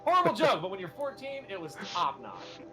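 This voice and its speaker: A man's voice: high-pitched, huge pitch swings, brisk, music in the background. Rambling young man telling jokes. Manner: rambling joke-telling with many fillers. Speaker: gaming streamer host. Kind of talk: casual chat while playing.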